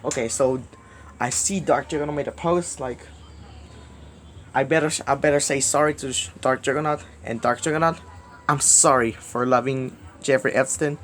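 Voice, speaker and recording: A man making a rambling direct-to-camera plea, repetitive and halting, swinging between loud outbursts and mumbling. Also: mid-range voice, a little hiss or hum. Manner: halting, restarts words often. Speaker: video creator.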